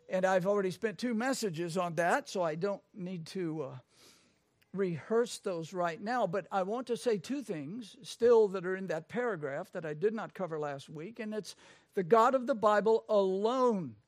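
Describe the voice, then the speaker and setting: A man preaching a sermon, swinging from low conversational asides to loud, proclaimed passages. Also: measured pace, no echo, clean studio sound. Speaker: pastor.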